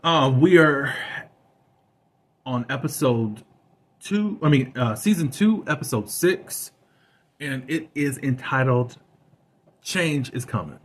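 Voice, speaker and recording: A man's voice: mid-range voice, lively intonation, takes it slowly, long pauses. A man hosting a web series review channel, chatting casually about an episode with plenty of fillers. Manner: chatty and conversational, with many fillers.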